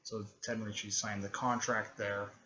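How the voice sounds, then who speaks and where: A man recapping a fan story casually, halting, with many fillers, restarts and throat clearing. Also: on the low side, flat delivery, muffled recording, noisy background.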